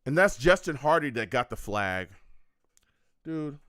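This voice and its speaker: Brief: male reaction-stream host, slow, exasperated, swings up and down in pitch, dry close mic. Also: big pitch swings, sharp tone, no room sound. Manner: exasperated, groaning, reads chat comments aloud. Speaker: live game reaction host. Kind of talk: live sports reaction stream.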